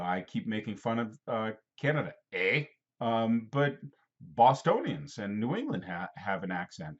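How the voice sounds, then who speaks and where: A man's voice: on the low side, dull audio. A man teaching a casual geography lesson, rambling and playful, talking straight to a student.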